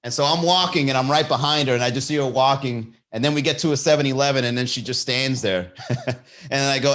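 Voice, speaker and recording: A man hosting a comedy podcast, telling a story in a loose monologue and jumping into high voices for the people in it. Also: fast talker. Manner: animated, jumps into high-pitched impressions of people in his stories.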